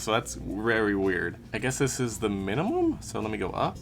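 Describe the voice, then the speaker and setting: A man's voice: lowish voice, very animated, normal speed, creaky, few pauses, faint music behind. A man giving a casual unboxing and review, talking through each step as he handles the product.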